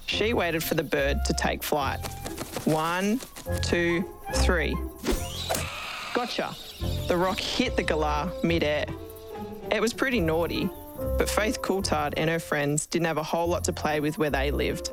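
A woman's voice: sits low, a little slow. Australian woman reading a storybook. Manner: lively, expressive storytelling. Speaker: storybook reader, cricketer. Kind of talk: storybook narration. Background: background music.

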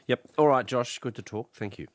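A man hosting an evening radio talk show, his voice husky and a bit hoarse, chatty and hesitant with many restarts. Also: medium pitch, a little fast, dry recording, studio quality. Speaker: radio host.

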